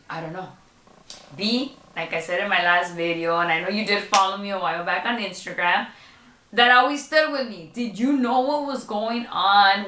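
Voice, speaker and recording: A young woman recounts a story for her vlog, chatty and animated, leaning on fillers. Her voice sits a little high and sounds bright. The room around her gives it a clear echo. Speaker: vlogger.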